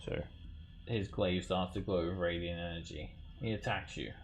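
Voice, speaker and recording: A man with a low voice runs an online tabletop game as game master, narrating in a halting way with plenty of fillers and restarts. He speaks into a computer mic over a voice call, with a faint hiss behind him. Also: steady tone.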